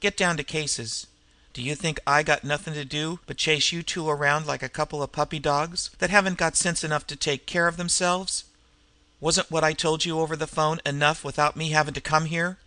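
A man voicing a gruff, snarling male crook boss who growls and snaps in street slang. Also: on the high side, fairly even intonation, moderate pace, pushed and bright, no room sound. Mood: snapping.

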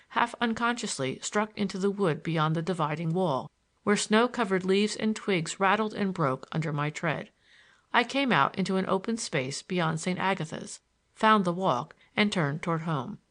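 Expressive woman audiobook narrator. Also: on the low side. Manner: measured, expressive reading. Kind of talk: scripted narration.

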